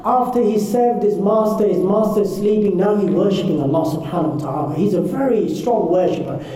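Man storyteller for a kids' class, high and dark-toned, heard from far off in a big echoey hall. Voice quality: casual, repeats himself, many fillers and restarts. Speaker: Islamic teacher telling a story to children and teens. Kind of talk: storytelling lesson. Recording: echoey hall, distant mic.

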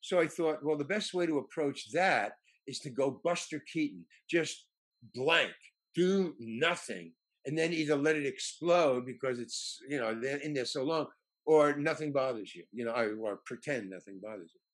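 An older man, an actor, telling anecdotes in a halting way, with many fillers and restarts. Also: medium pitch, animated. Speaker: actor guest. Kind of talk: anecdotal storytelling.

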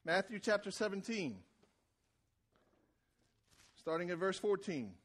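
High-voiced preaching man. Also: very animated, takes it slowly. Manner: conversational preaching that builds to raised, shouted emphasis; repeats words when starting phrases. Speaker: pastor. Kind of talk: sermon.

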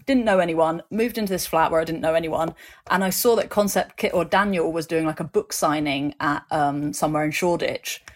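A woman talks as an interview guest in a fairly low voice. Her stories are animated and full of fillers. She slips into other people's voices as she tells them. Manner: animated storytelling, acts out voices in anecdotes, many fillers. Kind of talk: conversational interview.

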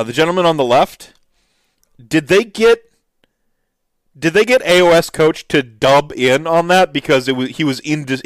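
A man's voice: a little high, dry recording. A man hosting a casual commentary show, talking enthusiastically and rambling through restarts and fillers. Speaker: host reacting to miniature reveals.

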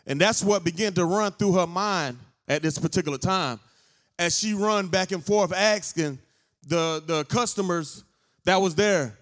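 A male pastor, telling a story in a sermon as an unhurried storyteller. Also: sits high, fairly bright tone. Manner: unhurried storyteller who builds to fervent preaching. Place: church sanctuary.

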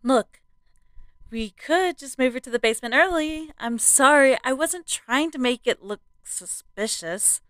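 A woman's voice: sits high, expressive, a bit bright, smooth, no room sound, voice pushed up. A woman voicing a nervous, apologetic female conspirator in a horror story narration. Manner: hurried, apologetic.

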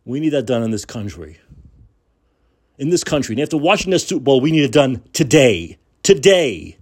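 A man's voice: medium pitch, very animated, normal speed, a little mellow, breathy edge. A man hosting a podcast, delivering an angry, profane, sarcastic political rant and repeating words for emphasis. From United States. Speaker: podcast host.

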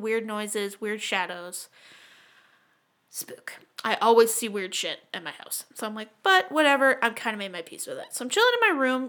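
A young woman co-hosting a podcast in casual chat, animated and swearing a lot as she tells stories. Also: fairly high pitch. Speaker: podcast co-host.

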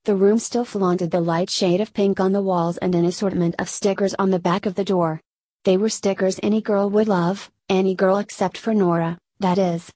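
A woman's voice: medium pitch, steady tone, normal speed, dark tone, no room sound. Woman narrating a novel in a dry, close sound. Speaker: audiobook narrator. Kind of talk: scripted narration.

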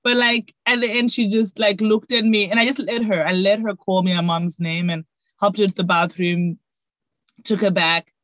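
A woman's voice: mid-range voice, fairly even intonation, normal speed, dry recording. Reflective young woman. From Zimbabwe. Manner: reflective, soft-spoken. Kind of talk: heartfelt conversational chat.

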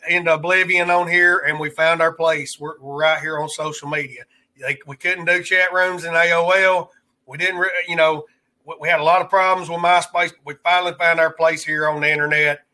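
Alabama redneck twang guy on a livestream, kinda high bright voice, rambles and shouts out the chat. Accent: Alabama Southern rural twang. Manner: rambling, greets viewers in chat, joking asides. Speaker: livestream host. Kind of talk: casual live-stream chat.

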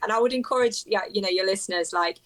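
A woman's voice: mid-range voice, quick pace, a bit bright. A woman, a musician chatting animatedly in an interview and laughing often. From England. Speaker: musician guest. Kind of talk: casual interview chat.

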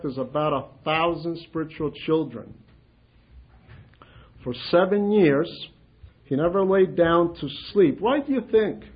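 A man giving an informal spiritual talk to a group, speaking conversationally, repeating phrases and acting out simple prayers. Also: on the high side. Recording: dull lo-fi sound.

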